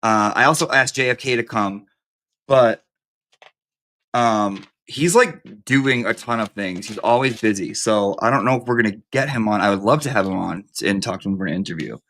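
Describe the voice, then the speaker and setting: A man's voice: lowish voice, moderate pace, a bit bright. Brief: male live-stream host, loose campy chat, foul-mouthed and rambling.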